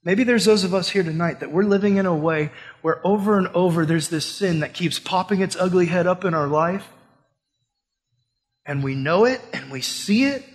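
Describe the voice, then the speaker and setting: Young male pastor, high-pitched, casual preaching style, long reverb of a hall. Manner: casual, conversational preaching with rhetorical questions. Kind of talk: sermon.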